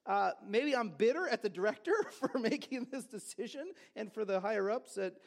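A man's voice: high-pitched, lively intonation, moderate pace, gravelly. A man preaching a sermon as pastor, with conversational storytelling and joking asides. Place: church service.

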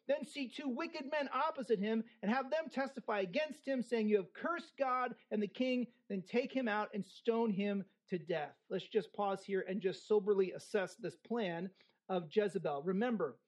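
A preacher giving an expository sermon, reading scripture verse by verse and breaking in with casual, humorous asides and frequent "right?" checks to the listeners. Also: medium pitch.

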